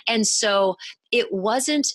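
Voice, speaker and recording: A woman's voice: fairly high pitch, no room sound. Candid woman telling her story, dry sound. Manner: halting, restarts often, quotes her past self. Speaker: podcast guest. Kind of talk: candid conversational interview.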